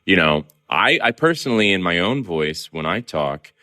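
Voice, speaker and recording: A man from Southern California, a guest columnist talking in a casual, animated and chatty interview. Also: deep voice, normal speed. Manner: animated, chatty, self-deprecating.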